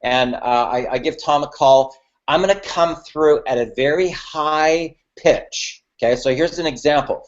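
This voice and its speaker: A business mentor gives a coaching webinar on networking in a slightly high, slightly slow voice, recorded with lo-fi sound. He's emphatic and checks in with his audience after nearly every point, repeating "okay" and "right."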